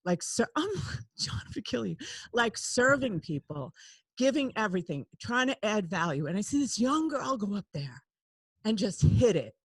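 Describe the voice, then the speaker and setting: A woman podcast host speaks in a candid, confessional way, her pitch leaping high and dropping low as she talks. She laughs often and moves between loud outbursts and quiet asides. The recording is close and dry, with no room sound. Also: sing-song, normal speed, husky, no echo.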